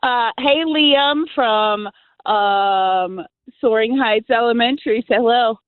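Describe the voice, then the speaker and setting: A woman's voice: fairly high pitch, slow pace, no echo. A woman in her thirties calling in to play a radio game, cheerful and chatty. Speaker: caller and contest player. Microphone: phone. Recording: tinny phone line.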